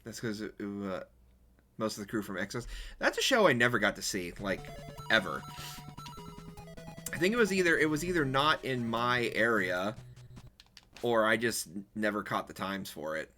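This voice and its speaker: Chatty male streamer, bright and lively. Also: fairly low pitch, normal speed, long pauses, soft background music. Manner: rambling, chatty, self-correcting. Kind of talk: casual chat while gaming.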